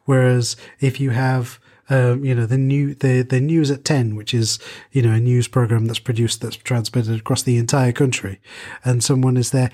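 A man's voice: medium pitch, level tone, moderate pace, mellow. A man co-hosting a casual podcast chat, rambling with restarts and frequent ums.

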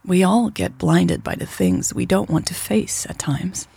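A woman voicing a tender, affectionate young woman lover in a soft, breathy whisper. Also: on the low side, a little slow, soft background music, exaggerated voice. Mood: pensive.

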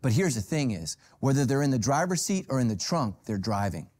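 A middle-aged male pastor preaching a sermon, telling stories with humor and sudden jumps in pitch. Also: big pitch swings, a little fast, darkish tone. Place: church stage with a golf cart prop.

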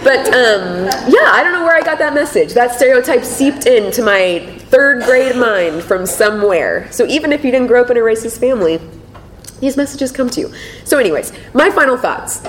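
A woman speaking to an audience in a lively, conversational way, telling stories with laughter. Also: moderate pace. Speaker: panel speaker. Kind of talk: conversational talk with anecdotes. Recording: echoey room with faint rumble.

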